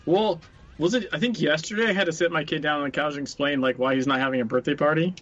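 A man with a somewhat high voice talks bluntly in casual podcast chat, swearing and laughing easily. He sounds a bit sick, with a swollen throat. The recording is dull and lo-fi. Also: quick pace, fairly bright tone. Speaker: podcast co-host.

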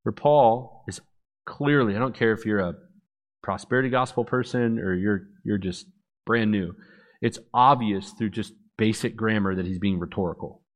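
A man in his thirties giving a personal testimony, an animated storyteller who acts out the dialogue. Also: lowish voice, moderate pace.

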